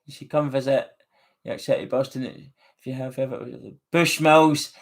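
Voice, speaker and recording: This Northern Irish man speaks in a mid-range voice with fairly even intonation at a moderate pace. He's a live stream host in a casual, friendly chat, reading viewer comments and calling out their names.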